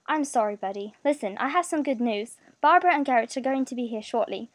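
A woman voicing a kind young man who talks softly and reassuringly to an injured friend. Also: on the high side, animated, quick pace, no room sound, lightly acted. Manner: soft, reassuring. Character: gentle kindly young man, a caring friend.

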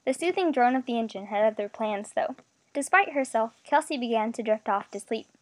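A woman narrating a story aloud in an expressive, steady reading voice. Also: on the high side, fairly quick, dry recording.

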